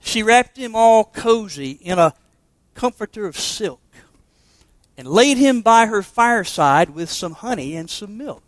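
High-pitched pastor preaching, punchy, lots of questions, dry close sound. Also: male voice, animated, measured pace, no room sound. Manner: emphatic, with rhetorical questions. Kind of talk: sermon.

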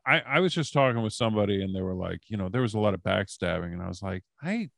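Comedian guy spinning backstage stories, lowish voice, dry close sound, lots of ums. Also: rapid-fire, vocal fry, dry recording. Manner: animated anecdotes, frequent fillers. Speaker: comedian guest, former wrestling writer. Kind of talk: casual storytelling on a podcast.

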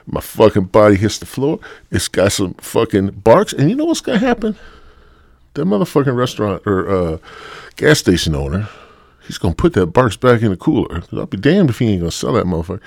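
Deep-voiced man on a swearing rant. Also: gravelly, no room sound, clean studio sound. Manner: rambling, heavy swearing, blunt. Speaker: podcast host. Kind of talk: profane solo rant.

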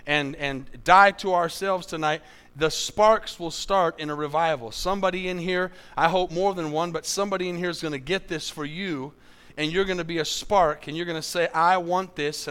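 A man's voice: high-pitched, fairly bright tone, clean tone. A man preaching a sermon as pastor, repeating key lines for emphasis and asking his congregation for amens.

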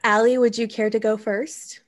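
On a studio microphone, a woman whose voice sits on the high side speaks at a moderate pace as host of a laid-back comedy advice podcast. Her storytelling is lively and profane, with plenty of cursing.

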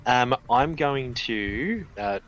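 A man's voice: mid-range voice, expressive, extremely slow, a bit bright, muffled recording. A man playing in a tabletop game, thinking aloud with hesitant fillers. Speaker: player. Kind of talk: casual tabletop chat.

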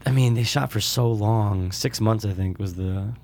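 A man's voice: fairly low pitch, moderate pace, darkish tone, a little hiss or hum. A man in casual conversation while watching a movie with friends, joking, cursing and jumping between topics. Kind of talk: casual movie commentary chat.

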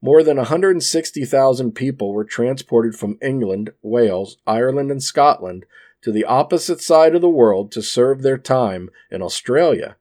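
A man's voice: medium pitch, lively intonation, normal speed, darkish tone. A man casually reading an article aloud at his microphone. He keeps breaking off into rambling asides and uses plenty of "uh"s and restarts. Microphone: desk microphone.

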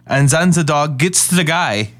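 A man's voice: a little high, expressive, normal speed, a bit bright. A man co-hosting a casual podcast, recapping a TV episode in a laid-back way and swearing freely. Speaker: podcast co-host.

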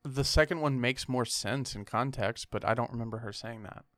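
This podcast co-host is a man with a medium-pitched, fairly bright voice who speaks at a moderate pace. He chats casually in a laid-back, joking way and often trails off mid-thought. The recording is dry, with clean studio sound.

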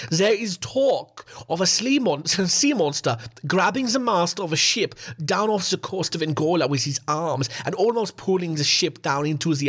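A stiff old naturalist from the 1800s speaks in a thick, hammy German accent, as a podcast host puts him on. The words come out halting and stumbling, with a fairly high pitch that drags at a slow, careful pace. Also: male voice, fairly bright tone. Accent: mock German. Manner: halting, stumbling over words, breaking into laughter. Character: 19th-century male naturalist in mock German accent.

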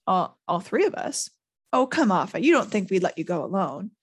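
A woman's voice: medium pitch, sing-song, normal speed, slightly rough. A woman reading as a blunt, joking schoolboy in a raised, teasing voice.

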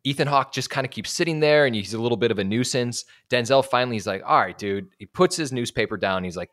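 This podcast co-host, a man with a mid-range voice, rattles along quickly with hardly any pauses while recounting a scene from a film. He performs the lines himself, animated, loose, and profane.

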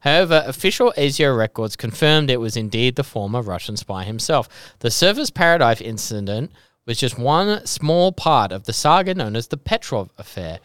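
An Australian man co-hosts a casual storytelling podcast, reading a true-crime tale and breaking into laughs and jokes with his friends. His voice is smooth and resonant, at an ordinary pitch for a man. The sound is dry and close to the mic. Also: sing-song, normal speed, fairly bright tone, no echo. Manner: reads the story out, laughing and joking between lines. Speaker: podcast co-host telling the story.

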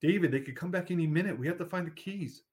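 A man's voice: mid-range voice, brisk, a little mellow, lightly acted. A man voicing a young sister who speaks urgently and insistently in a storybook.

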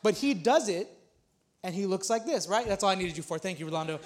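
Male pastor, thirties, very high voice; casual sermon that builds by repetition, small church. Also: animated, a little fast. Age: 30s. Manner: casual, repeats himself, builds to emphatic points. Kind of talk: conversational sermon.

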